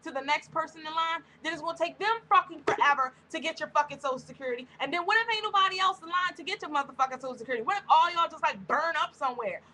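Woman ranting, high and bright. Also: rapid-fire, few pauses, a little hiss or hum, low-quality recording. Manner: heated, blunt, heavy cursing. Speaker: vlogger. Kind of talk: angry profane rant to camera.

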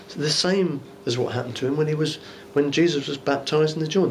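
A man's voice: a little high, a little fast, hardly any pauses, slight background noise. A man, a bishop, preaching an informal Bible teaching sermon in a church, musing aloud with conversational rhetorical asides.

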